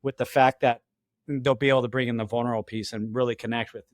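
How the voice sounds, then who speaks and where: A man's voice: medium pitch, flat delivery, quick pace, no echo, studio quality. A man hosting a podcast, responding thoughtfully and affirming his guest in casual conversation. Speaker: podcast host.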